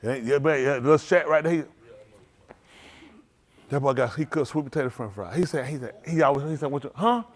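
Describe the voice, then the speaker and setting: A man, a pastor telling food stories to his livestream with laughter and excitement. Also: medium pitch, a little fast, long pauses. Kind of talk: casual livestream storytelling.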